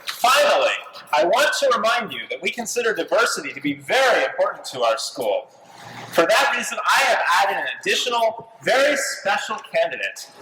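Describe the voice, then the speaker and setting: A man announcing candidates and translating in a live comedy skit, deadpan and formal. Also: sits high, roomy sound. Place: holiday party venue, live audience. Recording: loud background noise.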